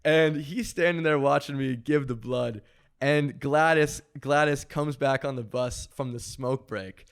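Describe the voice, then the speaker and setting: Young man, podcast host, casual animated storyteller who acts out quotes. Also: mid-range voice, a little slow, creaky, clean tone. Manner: animated, acts out quoted voices, laughs often. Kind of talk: casual storytelling among friends.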